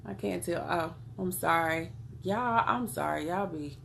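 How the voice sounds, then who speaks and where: Gravelly Southern woman reading tarot live. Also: lowish voice, measured pace, a little hiss or hum. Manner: chatty, calls viewers y'all and beloved. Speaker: tarot card reader. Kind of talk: casual live-stream chat with viewers.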